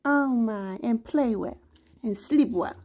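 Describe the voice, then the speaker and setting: A woman's voice: fairly high pitch, takes it slowly, a little mellow. A woman gushing in sing-song baby talk to her pet dogs. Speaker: pet owner vlogger.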